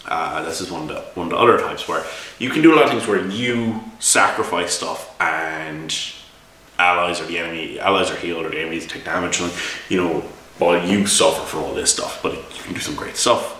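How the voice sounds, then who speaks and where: An Irish game reviewer and game master gives a casual spoken review, telling a long, exasperated story about a tabletop game full of restarts and repeated words. His voice sits low and comes across pushed and bright, a little fast. The mic is far off in an echoey room, with a little hiss or hum.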